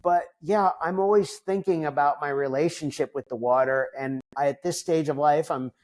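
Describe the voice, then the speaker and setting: A man's voice: on the high side, steady tone, moderate pace. A man in his fifties, a podcast guest, talking reflectively in a casual interview, with frequent fillers and restarts. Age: 50s.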